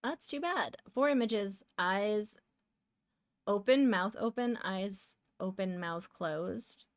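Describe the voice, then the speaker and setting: A young woman from Canada chatting casually on a live stream while she draws, rambling and breaking into excited exclamations. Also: mid-range voice, takes it slowly, no room sound, studio quality.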